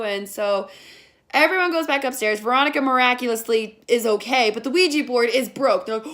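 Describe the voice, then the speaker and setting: Sarcastic young woman ranting, high and bright. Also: fairly quick. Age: young adult. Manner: sarcastic, profane, mocks characters in shrill voices. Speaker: movie reviewer. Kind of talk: ranting comedic movie review.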